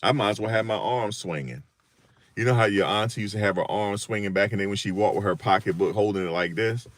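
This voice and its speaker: An older man telling funny stories in a casual, animated monologue, often repeating himself. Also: on the low side, quick pace. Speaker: vlogger.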